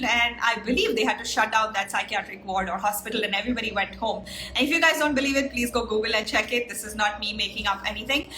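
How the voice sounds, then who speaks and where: A woman's voice: fairly high pitch, pushed and bright, a little hiss or hum. A woman coach, earnestly explaining a method to camera in a casual way, with frequent ums. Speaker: life coach. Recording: roomy echo.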